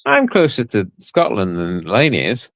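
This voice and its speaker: A man's voice: lowish voice, wildly swooping pitch, normal speed, creaky, a bit bright, no room sound. A man chatting as a guest on a livestream, joking, teasing the host and laughing often. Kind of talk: casual chat on a livestream.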